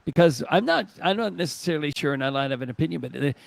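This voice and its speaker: Brief: easygoing gravelly male co-host moderating a video panel. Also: fairly high pitch, expressive, fast talker, dry recording, poor audio. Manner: easygoing, rambling. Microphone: video call.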